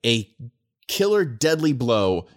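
A man's voice: mid-range voice, big pitch swings, slow pace. A man chatting casually about a tabletop game, rambling as he lays out his logic. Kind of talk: casual chat.

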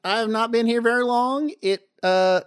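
A man's voice: extremely high pitch, moderate pace, clean tone, pitched above the performer's own voice. Man putting on a folksy southern-drawling fish. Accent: American Southern.

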